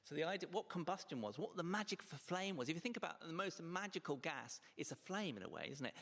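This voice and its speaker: A man's voice: on the high side, sing-song, fast talker, a bit bright. A man telling a science history story with enthusiasm in a casual panel chat. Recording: reverberant hall.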